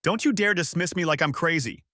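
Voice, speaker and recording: A man voicing a smug, combative young woman who brags and mocks in a sharp tone. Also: medium pitch, huge pitch swings, normal speed, dry recording, studio quality. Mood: angry hissing. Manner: mocking, boastful, sharp.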